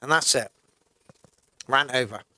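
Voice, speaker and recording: A man's voice: mid-range voice, a little slow, pushed and bright, no room sound. A man hosting a casual live music-review stream, reading out chat comments and swearing freely as he rants. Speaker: livestream music review host.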